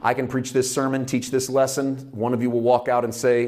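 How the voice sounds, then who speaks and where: A man preaching a sermon with impassioned delivery, dropping to a hush and rising to loud emphasis, stretching out key phrases. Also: medium pitch, level tone, a little fast. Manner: impassioned, swinging from hushed to loud.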